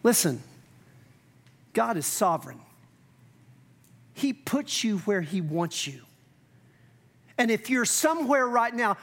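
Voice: mid-range voice, very animated, slow pace, long pauses, a bit bright. A pastor preaching a sermon in a conversational, emphatic way, acting out quoted lines.

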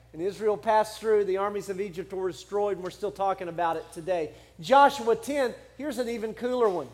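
High-pitched man preaching casually. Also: a little mellow. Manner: conversational, humorous preaching with acted quotes. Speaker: pastor. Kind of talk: sermon.

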